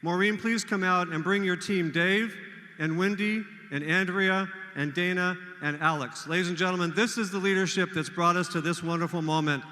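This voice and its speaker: Emcee: bright, high-voiced older man, pep-rally energy, echoey hall. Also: moderate pace. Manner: energetic, leads call-and-response cheers. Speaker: event emcee. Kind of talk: rallying a volunteer crowd. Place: large hall with a crowd.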